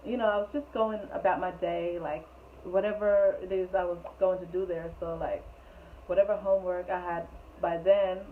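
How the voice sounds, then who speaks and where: Young woman, casual storytime vlogger, chatty and rambling; low-ish voice, phone-thin audio. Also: fairly even intonation, normal speed. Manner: chatty, rambling, laughs often. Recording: tinny phone-like sound with faint noise.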